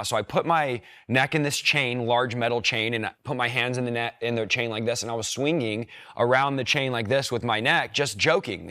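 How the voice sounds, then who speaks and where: A man's voice: mid-range voice, sharp tone, no room sound. Earnest young man, dry close sound. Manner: earnest storytelling, quick bursts. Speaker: preacher. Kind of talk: personal testimony.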